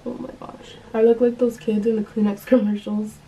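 A young woman rambles through a casual vlog in her bedroom, filling her talk with "like." Her voice is mellow and a bit stuffy from allergies. A faint hiss sits behind her. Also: fairly high pitch, little pitch movement, normal speed, rough recording. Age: young adult. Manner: rambling, chatty, heavy use of "like". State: stuffy from allergies and a runny nose. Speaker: vlogger. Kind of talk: casual vlog chat to camera. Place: bedroom at home.

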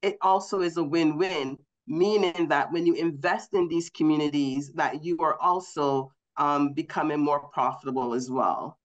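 Female panelist, stuffy and short of breath, steady measured delivery with fillers. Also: sits low, dull audio. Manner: measured, with frequent ums. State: congested from a cold, a bit out of breath. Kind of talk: conference panel remarks.

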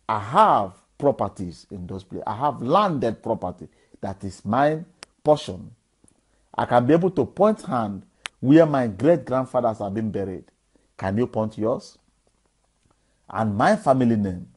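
A man's voice: medium pitch, dark tone, husky, rough recording. A man with a Nigerian Igbo accent, a native Igbo speaker, giving an impassioned appeal to his followers, preachy and full of rhetorical questions. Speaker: activist addressing followers. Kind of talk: impassioned direct-to-camera appeal.

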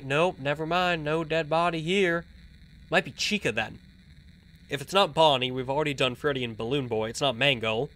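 A young man giving casual let's-play commentary, chatting to the game characters and breaking into excited shouts. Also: fairly high pitch. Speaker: gameplay commentator.

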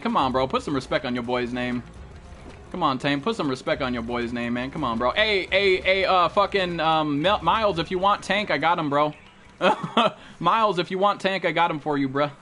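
A man's voice: on the high side, moderate pace, bright, forceful tone, soft background music. A young man streaming a video game, talking to his chat with brash, profane trash talk. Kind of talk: live gameplay commentary.

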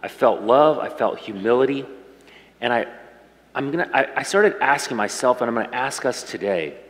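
A middle-aged man preaching a sermon as pastor, talking to the congregation in a warm, conversational and emotional way. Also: medium pitch, animated, normal speed. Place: church sanctuary. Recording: reverberant church hall.

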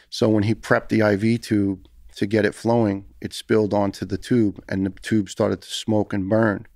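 A man's voice: lowish voice, little pitch movement, moderate pace, a little mellow, no echo, clean studio sound. A man telling a personal story in a podcast interview, earnest and heated, often repeating words as he talks. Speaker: podcast guest, retired firefighter.

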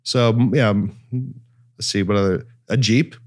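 A man's voice: on the low side, normal speed. Guy cohosting a chatty podcast, jokey, lots of uhs, laughs a bunch. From Ohio. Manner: jokey, laughs often, lists things with many fillers. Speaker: podcast co-host. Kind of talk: casual chat.

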